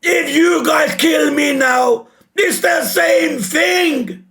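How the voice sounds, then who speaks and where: Shouting, high-pitched emotional man. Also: extremely slow, gravelly. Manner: emotional, shouting, swears a lot. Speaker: reaction streamer. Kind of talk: live manga reaction.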